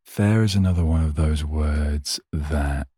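A man's voice: extremely low pitch, a little slow, warm tone, slightly rough, no echo, studio quality. A young man hosting a solo podcast, rambling in a chatty, self-mocking way. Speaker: podcast host.

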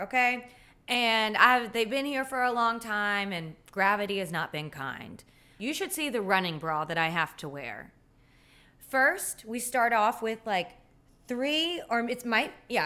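Woman host, animated pitch swings, casual comedic storytelling. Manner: animated, sassy and self-deprecating. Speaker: podcast host.

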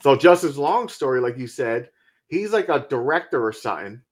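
A man's voice: medium pitch, expressive, normal speed. A man in casual conversation, bluntly and profanely retelling scenes from a film. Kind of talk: casual movie review chat.

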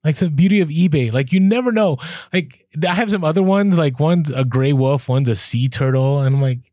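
A man's voice: on the high side, a little fast, dry recording, studio quality. A man co-hosting a podcast, chatting casually and telling stories, acting out the exchanges he quotes. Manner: animated storyteller, acts out quoted exchanges. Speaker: podcast co-host. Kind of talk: casual chat.

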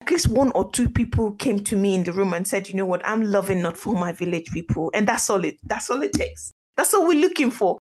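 A young woman hosting her own podcast from her kitchen at home, talking in a chatty, excitable way and often laughing. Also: medium pitch, a little fast, hardly any pauses. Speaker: podcast host. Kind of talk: casual solo podcast chat.

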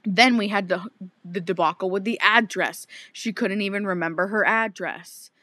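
A young woman in her twenties co-hosts a casual podcast and tells stories with plenty of swearing. She acts out what everyone said. Her voice sits at an average pitch and sounds dry and close to the mic. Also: moderate pace, no room sound. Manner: animated storytelling with lots of swearing and acted-out quotes. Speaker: podcast co-host. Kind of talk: casual chat.

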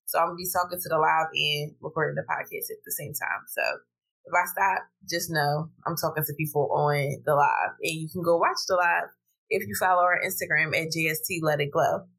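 Philly woman ranting on her podcast, bright forceful voice, kinda low pitched, swears a lot. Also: vocal fry, low-quality recording. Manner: animated, profane, vents with rising pitch. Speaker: podcast host. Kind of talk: casual storytelling chat. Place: home podcast setup while streaming live.

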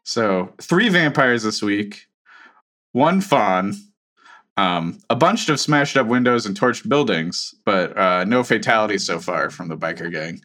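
A man's voice: fairly low pitch, a little slow, faint music behind. A man hosting a casual podcast chat, laughing easily and moving the show between segments. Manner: relaxed, laughing, runs the segments. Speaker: podcast host.

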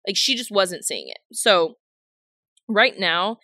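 Bright-voiced woman telling a story. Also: slow pace, no echo, clean studio sound. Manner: animated, acts out quotes with big pitch jumps. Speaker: business attorney, podcast guest. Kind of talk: conversational podcast storytelling.

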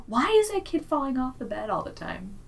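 A woman's voice: high-pitched, big pitch swings, brisk, vocal fry, far from the mic. A woman in her thirties co-hosting a podcast in casual chat, telling stories and acting out quotes. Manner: chatty storyteller, acts out quotes. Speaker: podcast co-host.

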